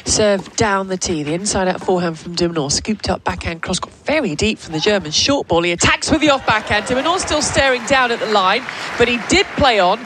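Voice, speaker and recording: A woman commentating live on a tennis match with brisk play-by-play calls. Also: medium pitch, animated. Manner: brisk play-by-play, teasing banter. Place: commentary box at a tennis stadium. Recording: noisy outdoor venue background.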